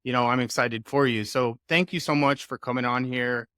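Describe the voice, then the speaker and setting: A man's voice: mid-range voice, fairly even intonation, moderate pace, sharp tone, clean tone. A man hosting a podcast interview in a casual, affirming and supportive way. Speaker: podcast host.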